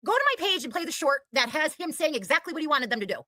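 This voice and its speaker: Brief: sharp-toned woman guest, lively pitch, blunt and profane, dry close sound. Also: fast, no echo. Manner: blunt, swears freely. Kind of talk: heated casual chat.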